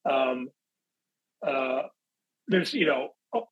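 A man and actor, chatting casually as an interview guest, telling animated stories and bursting into loud acted-out quotes. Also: mid-range voice, very slow, husky, muffled recording. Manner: animated storyteller, acts out quotes in big voices. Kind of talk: casual anecdotal chat.

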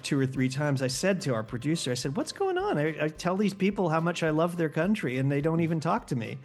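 Animated American man telling a story. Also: a little high. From United States. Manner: animated storyteller acting out quotes. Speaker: guest actor. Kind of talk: casual anecdote.

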